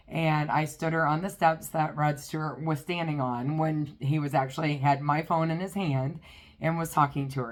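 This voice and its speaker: Female vlogger, low-pitched, relaxed rambling anecdote delivery. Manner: chatty, rambling with many fillers. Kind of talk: casual storytelling.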